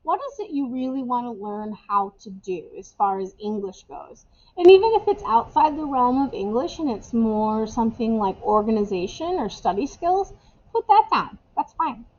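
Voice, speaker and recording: A woman's voice: a little high, animated, moderate pace, a little mellow, dull audio. A woman English teacher, talking casually to her remote students while she records class instructions on a camera at home. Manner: casual, chatty, repeats key phrases. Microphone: webcam or camera microphone.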